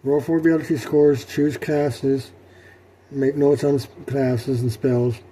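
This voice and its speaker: Halting, mellow-voiced man rambling. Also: mid-range voice, flat delivery. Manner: halting, many fillers and restarts. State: sleepy, yawning. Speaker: solo tabletop role-playing video host. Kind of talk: rambling casual talk.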